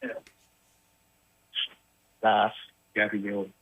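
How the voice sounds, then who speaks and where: A man's voice: fairly low pitch, monotone, slow, vocal fry, breathy edge, dry recording. A man calling in to a radio show, giving brief, plain answers over the phone. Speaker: caller. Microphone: telephone. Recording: dry tinny phone line.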